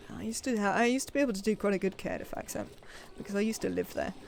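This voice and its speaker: A woman's voice: mid-range voice, fast talker, creaky, darkish tone, a little hiss or hum. A woman, chatting and rambling to herself as she plays a game on a live stream. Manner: chatty, rambling self-talk while playing.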